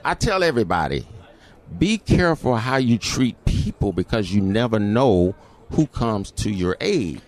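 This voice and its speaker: Middle-aged man, interview guest, animated storyteller, lowish voice. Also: unhurried.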